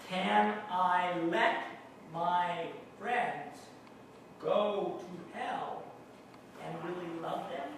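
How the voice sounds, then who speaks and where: Male pastor, high, bright voice with a lively swing, slow sermon delivery, recorded from a distance in a very reverberant church hall. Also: a little hiss or hum. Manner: slow, deliberate, asks the congregation questions. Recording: very echoey room, mic far off.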